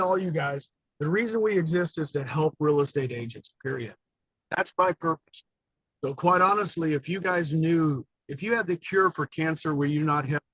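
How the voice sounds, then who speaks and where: A man's voice: a little high, husky, no echo, low-quality recording. A man speaking emphatically about his purpose while driving a car. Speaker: business leader, guest's companion.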